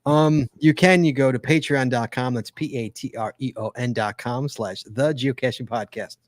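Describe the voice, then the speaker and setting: A man hosts a live podcast in a loose, joking, rambling way. His voice sits at an ordinary middle pitch. The sound is dry and close, with no room around it. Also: moderate pace, dry recording. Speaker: podcast host. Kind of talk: casual live podcast chat.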